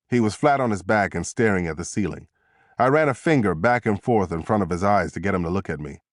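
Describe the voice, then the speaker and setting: A man narrating a thriller audiobook in the first person, with steady, tense storytelling. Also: deep voice, quick pace, no room sound, clean studio sound.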